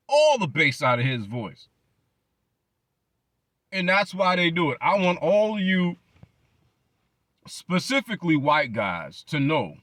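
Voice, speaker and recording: A man hosting his channel delivers a blunt commentary rant in a voice on the high side with a fairly bright tone and no echo. He swears heavily and hammers his points with repeated words.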